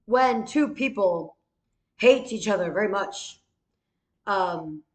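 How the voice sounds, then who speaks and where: A woman's voice: mid-range voice, expressive, slow, reverberant. A woman telling a rambling, profane story in a casual way, with many fillers.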